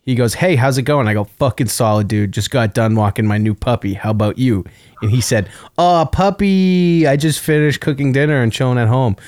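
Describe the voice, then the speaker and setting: A man's voice: medium pitch, fairly quick, darkish tone, no room sound, studio quality. A man telling comic stories in casual chat, reading out dating-app messages and laughing often. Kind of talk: casual comedic storytelling.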